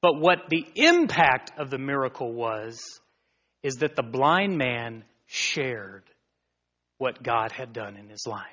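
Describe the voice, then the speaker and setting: A male pastor preaching a sermon, swinging from loud exclamations down to near whispers. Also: mid-range voice, very animated, slow pace. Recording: dull recording in a reverberant hall.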